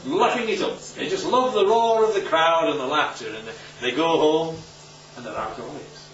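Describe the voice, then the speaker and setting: A man's voice: fairly high pitch, normal speed, a little hiss or hum. A male preacher giving an informal Bible talk, conversational and often checking in with his listeners. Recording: roomy, distant, dull recording.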